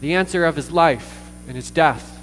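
A man preaching a sermon as pastor, earnest, with pauses, fillers and repeated words. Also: on the high side, a bit bright, soft background music. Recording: distant reverberant hall with mains hum.

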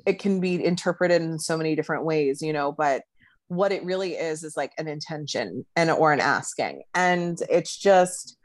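A young woman co-hosts a podcast, chatting in a loose, casual way with plenty of "like" and "you know." Her deep voice is animated and moves at a moderate pace, with no room sound.

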